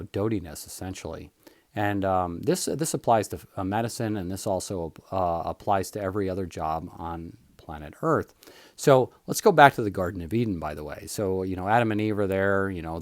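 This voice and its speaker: A man's voice: low voice, dry recording. A younger man hosting his own podcast, talking in a blunt, opinionated solo monologue that rambles with many fillers. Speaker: podcast host, physician.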